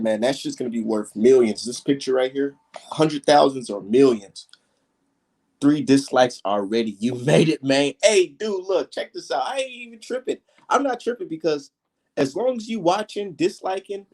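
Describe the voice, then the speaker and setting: A man's voice: medium pitch, darkish tone. A young man ranting heatedly and profanely straight to his viewers in a casual vlog. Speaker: vlogger.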